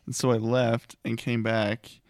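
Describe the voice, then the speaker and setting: A man co-hosting a podcast, retelling a story in a relaxed, animated way. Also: medium pitch, measured pace, no room sound, clean studio sound. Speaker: podcast co-host, husband. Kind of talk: casual chat.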